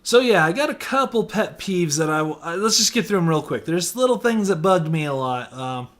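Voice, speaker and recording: A man's voice: a little high, expressive, brisk, fairly bright tone. A man giving a casual movie review, rambling with many fillers and restarts.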